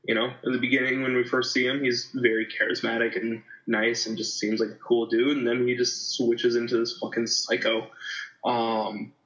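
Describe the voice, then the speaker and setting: Man, podcast co-host, flat delivery, rambling, dull lo-fi audio. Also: medium pitch, normal speed. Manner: rambling, many fillers and restarts. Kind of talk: casual chat, movie review.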